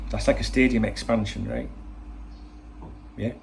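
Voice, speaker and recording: A man's voice: medium pitch, fairly quick, slight background noise. A man hosting a football channel, talking in a rambling, swear-laden opinion monologue full of rhetorical questions.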